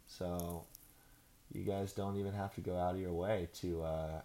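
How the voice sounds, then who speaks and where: Gravelly, low-voiced profane podcast host. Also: male voice, little pitch movement, unhurried, dark tone. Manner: profane, sarcastic, rambling. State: out of breath. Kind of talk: casual ranting monologue.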